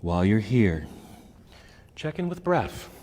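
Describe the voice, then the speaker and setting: American guy teaching yoga, calm cues, kinda low voice, echoey studio. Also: slow pace, slight background noise. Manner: calm instructive cueing, breath counts. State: slightly out of breath. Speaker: yoga instructor. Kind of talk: guided yoga class cues.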